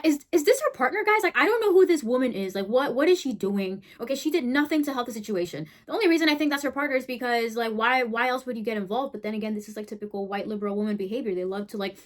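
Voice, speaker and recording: A woman's voice: sits high, fairly bright tone. A woman hosting a political commentary video, talking bluntly and heatedly, often tagging her points with "right?" and "okay?". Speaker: host.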